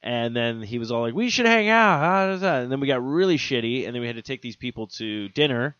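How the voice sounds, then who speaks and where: A young man co-hosting a casual comedy podcast, telling a story and acting out the other people's voices loudly. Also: medium pitch, fast, smooth, no echo. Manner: animated, acts out quoted voices loudly. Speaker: podcast co-host. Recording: dull dry lo-fi audio.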